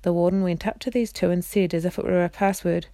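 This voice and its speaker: A woman reading a children's novel aloud, steady, with small slips and restarts. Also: lowish voice, quick pace, no room sound. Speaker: reader.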